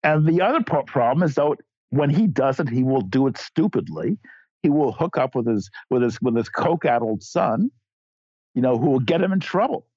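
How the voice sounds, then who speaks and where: A man's voice: medium pitch, big pitch swings, normal speed, warm tone, no echo, muffled recording. A man appearing as a guest journalist, talking bluntly in a casual political chat, often restarting his sentences.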